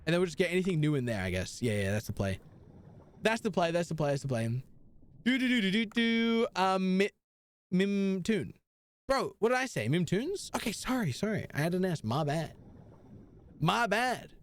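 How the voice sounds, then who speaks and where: Lively, high-voiced young male streamer. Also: normal speed. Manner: playful, swinging between bits and mock pleading. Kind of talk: casual live-stream gaming chat.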